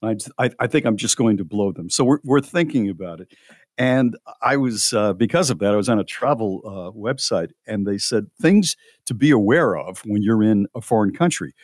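A man's voice: fairly low pitch, lively intonation, moderate pace, no room sound, clean studio sound. Chatty man on radio. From United States. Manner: chatty, reads listener posts aloud with asides. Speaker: radio show co-host. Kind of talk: casual radio chat.

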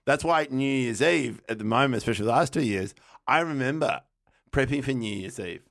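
A man, a podcast guest telling a rambling, animated story in casual conversation. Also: medium pitch, vocal fry, no room sound, clean studio sound. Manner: rambling, restarts often, energetic and quick to laugh.

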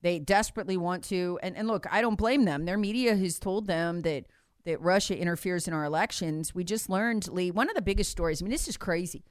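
A woman's voice: on the low side, fairly quick, smooth, no room sound, clean studio sound. A woman giving emphatic political commentary, repeating her points and acting out what others said. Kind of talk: animated political talk.

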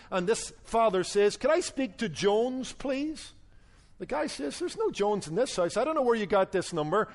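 A male Bible teacher giving a radio sermon, telling stories and acting out their dialogue. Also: high voice. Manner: storytelling preacher, acts out dialogue in his story.

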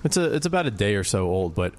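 A man's voice: lowish voice, big pitch swings, fast, slight background noise. A young man co-hosting a casual radio show, rambling with many fillers. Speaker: radio co-host.

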